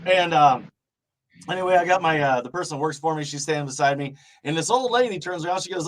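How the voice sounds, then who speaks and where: A man's voice: on the high side, fast talker. A middle-aged man from Illinois hosting a casual interview, rambling through stories, laughing often and swearing freely. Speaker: show host.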